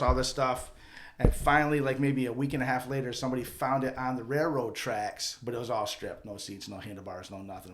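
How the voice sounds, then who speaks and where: A man with a mid-range voice tells a long, rambling childhood story as a podcast co-host. He is from a Mohawk community and talks in a loose, jokey, profane way, slipping into the voices of the people in his story. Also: medium pitch. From Akwesasne Mohawk community. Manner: rambling, profane, jokey anecdotes with acted-out quotes. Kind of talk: casual storytelling chat.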